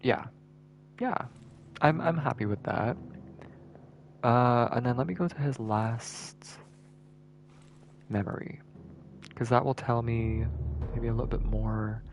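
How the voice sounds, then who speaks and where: A man's voice: medium pitch, slow pace, vocal fry, long pauses, dull audio, a little hiss or hum. A male streamer giving casual gameplay commentary, thinking aloud and repeating words as he works things out.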